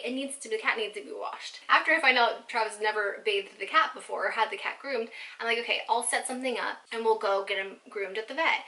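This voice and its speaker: A woman's voice: a little high, sharp tone. A woman vlogger telling a personal story in a chatty storytime style, filling her sentences with casual fillers.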